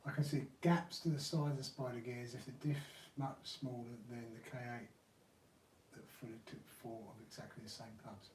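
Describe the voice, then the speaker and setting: A man's voice: mid-range voice, steady tone, moderate pace, a little mellow, slight background noise. A man hosting a live hobby stream, chatting casually to viewers while he works on a repair. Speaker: RC hobby channel host. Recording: roomy, distant mic.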